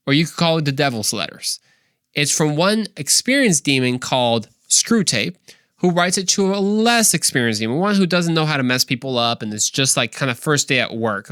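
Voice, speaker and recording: A man's voice: mid-range voice, a bit bright, no echo, clean studio sound. A young man hosting a faith podcast, talking casually and eagerly with many fillers and asides. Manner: enthusiastic, rambling with fillers. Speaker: podcast host.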